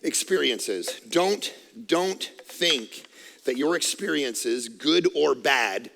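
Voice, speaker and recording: A middle-aged man preaching a sermon on a headset mic, loud and energetic, with self-mocking humor. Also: medium pitch, slow, vocal fry, big-room sound. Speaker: pastor. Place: church auditorium. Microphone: headset microphone.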